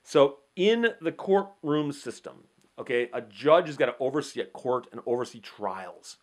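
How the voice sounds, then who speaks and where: Speaking to camera, this man explains the law in a chatty monologue, throwing in rhetorical questions and playing out little courtroom scenes. He has a medium-pitched, expressive voice and keeps a moderate pace.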